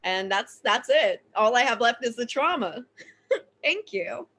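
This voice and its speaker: A woman's voice: on the high side, lively intonation, measured pace, bright, forceful tone, slight background noise. A woman telling a frank, comic personal story on stage, casual and profane, full of fillers. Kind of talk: live comedic storytelling.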